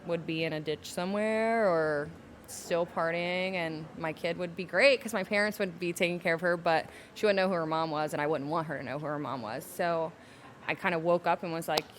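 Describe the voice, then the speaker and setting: Young woman, podcast guest, lowish voice, emotional and candid, faint background hiss. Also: steady tone. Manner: emotional, slows down holding back tears. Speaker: podcast guest, salon owner. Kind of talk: candid personal storytelling.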